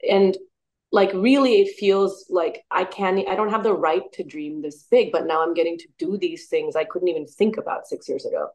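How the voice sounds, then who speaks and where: A woman's voice: on the low side, moderate pace, darkish tone. A woman in her thirties, a musician and actor, chatting enthusiastically in an interview and laughing often. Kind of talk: casual interview chat.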